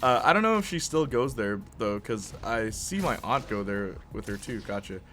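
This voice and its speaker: A man's voice: on the low side, expressive, moderate pace, fairly bright tone, faint music behind. A young Canadian man streaming a game, chatting casually with viewers, rambling with fillers and laughing often. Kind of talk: casual chat while playing a game.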